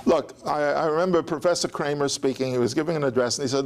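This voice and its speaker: Guy lecturing on ancient history, kinda high gravelly voice, rambles into stories. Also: quick pace, hardly any pauses. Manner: digressive, anecdotal, with chuckles and restarts. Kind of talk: academic lecture.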